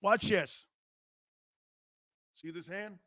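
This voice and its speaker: Brash, high-voiced man hosting a sports show. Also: no room sound, clean studio sound. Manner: brash, loud, joking, quick shout-outs. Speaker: sports talk show host. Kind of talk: casual talk show, reading live chat.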